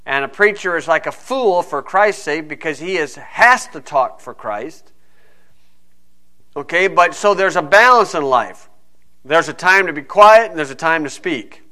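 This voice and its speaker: A man's voice: on the high side, animated, measured pace, sharp tone. A man preaching a folksy, digressive sermon, teaching verse by verse.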